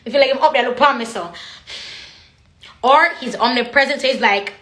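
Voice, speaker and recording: A woman's voice: on the high side, brisk, fairly bright tone, echoey room. A woman talking in an emotional, casual monologue, emphatic and repetitive. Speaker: vlogger.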